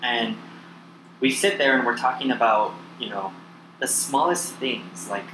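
A man from the United States, a podcast guest, telling stories in casual chat with a relaxed, rambling manner. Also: mid-range voice, a little slow. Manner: relaxed, rambling, self-interrupting storyteller. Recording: echoey room with noise.

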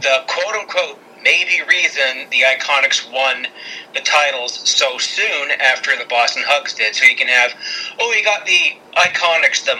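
A man co-hosting a casual wrestling podcast, chatty and excitable with quick asides. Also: mid-range voice, slight background noise, low-quality recording. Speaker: podcast co-host.

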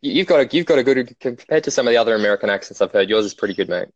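A man's voice: mid-range voice, animated, very fast, no room sound. An Australian man joining a casual chat as a guest, easygoing and chatty, calling in on his phone. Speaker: podcast guest. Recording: dry, dull phone audio.

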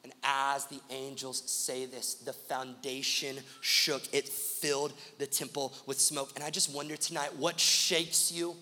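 A man's voice: mid-range voice, fairly even intonation, a little slow, pushed and bright, big-room sound. A man pastor preaching a sermon, driving his points home with rhythmic repeated lists.

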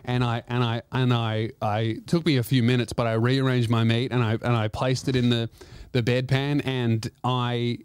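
A man's voice: mid-range voice, level tone, normal speed, smooth, dry recording. A man who is a comedian and podcast host, telling a profane, rambling comic story full of restarts.

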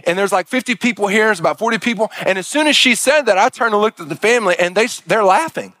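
Man, pastor, sermon story, halting restarts, fairly high voice, dry sound. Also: animated, pushed and bright, dry recording.

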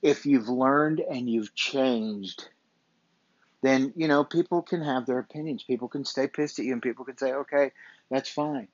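A man's voice: medium pitch, moderate pace, no echo. A man hosting a motivational podcast, talking in a blunt, emphatic, profane and repetitive way. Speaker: podcast host. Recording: dull, dry lo-fi recording.

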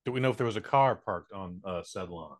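A man co-hosting a comedy podcast in casual chat, making wry deadpan quips. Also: sits low, brisk, no echo, studio quality. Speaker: podcast co-host.

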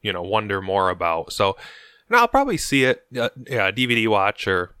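A man co-hosting a podcast, chatting casually about movies in a halting way with frequent ums. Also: fairly low pitch, huge pitch swings, sharp tone, clean tone, no echo, studio quality. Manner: hesitant, halting, frequent ums and you-knows. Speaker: podcast co-host.

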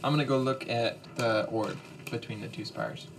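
A man's voice: medium pitch, slight background noise. A man playing a tabletop role-playing game, chatting casually with playful banter. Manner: quick, playful banter with laughs. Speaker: player.

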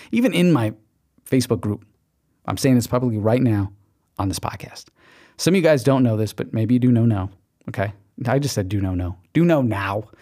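A man's voice: medium pitch, a little mellow. A man hosting a podcast, giving an emphatic motivational pep talk and acting out quoted inner voices. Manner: emphatic, pep-talk delivery with repeated okays. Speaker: podcast host. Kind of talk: motivational monologue.

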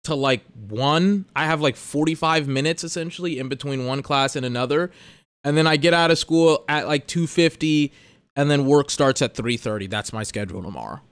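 A man's voice: fairly high pitch, moderate pace, dry recording. A young man hosting a solo podcast, ranting in exasperation about his schedule and swearing freely. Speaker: podcast host.

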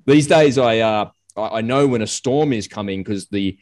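A man, an army veteran, chatting casually as a lively storyteller. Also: lowish voice, normal speed. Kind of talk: casual conversation.

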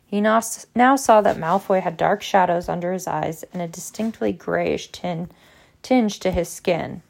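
A woman reading a novel aloud in a steady narrating voice with small slips. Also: lowish voice, unhurried, gravelly. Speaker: audiobook reader. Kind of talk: book narration.

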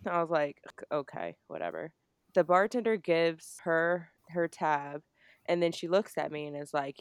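A woman's voice: low-pitched, moderate pace, clean tone, dry recording, studio quality. A young woman from New Jersey telling a story on a casual podcast, swearing freely and acting out the lines of the people in it. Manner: animated, swearing, acts out quotes. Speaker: podcast co-host.

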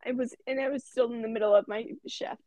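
A teenage girl co-hosting a podcast, telling an animated work story and swearing freely. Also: on the high side, quick pace, no echo. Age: teens. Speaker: podcast co-host. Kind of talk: casual chat.

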